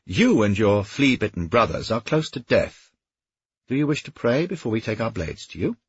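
A man voicing a coarse, boastful veteran knight who bellows and scorns, with a husky voice. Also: lowish voice, sing-song, normal speed, dry recording, muffled recording, voice pushed up, exaggerated voice. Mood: scornful.

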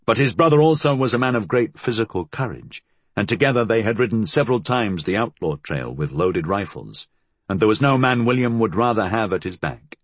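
Husky low-voiced male narrator. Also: very animated, brisk, dry recording. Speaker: audiobook narrator. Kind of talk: scripted narration.

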